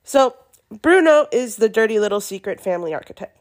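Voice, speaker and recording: A woman hosting a podcast alone, chatty with many fillers, her voice gravelly from being sick. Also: a little high, expressive, brisk. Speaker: podcast host. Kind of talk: podcast monologue.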